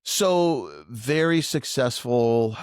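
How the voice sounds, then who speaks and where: A middle-aged man telling a story from his own career in a casual chat, animated and vivid, acting out each remark. His pitch sits in the middle and he is recorded close and dry, with no room sound. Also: drawn-out words, clear, resonant tone, no echo. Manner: animated, acts out quoted dialogue. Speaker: financial advisor, podcast guest.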